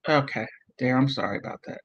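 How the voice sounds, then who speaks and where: A man hosting a commentary channel, reading messages aloud and commenting between them. He talks haltingly, stumbles over words and breaks off to exclaim in disbelief. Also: mid-range voice, vocal fry, a bit bright, highs cut off.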